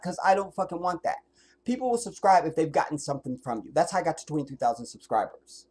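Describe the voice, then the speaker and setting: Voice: mid-range voice, fast, darkish tone, breathy edge. Blunt, profane livestreamer. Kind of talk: livestream rant.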